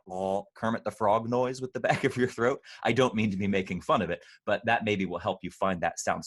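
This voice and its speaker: A man leading an online choir rehearsal, patiently explaining pronunciation and slowly demonstrating sounds. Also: deep voice. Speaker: choir director.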